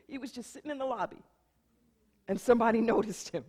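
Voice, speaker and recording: A middle-aged woman pastor preaching a sermon, repeating her phrases for emphasis and swinging from loud declarations to hushed storytelling. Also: fairly high pitch, fast, pauses often, husky, big-room sound.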